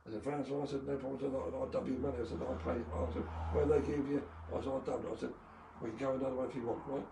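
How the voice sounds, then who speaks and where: A former motocross champion tells rambling, casual anecdotes on a live video call, his mid-range, creaky voice steady and quick with few pauses. He fills the stories with fillers and chuckles. The mic sits far away in an echoey room, with faint background noise.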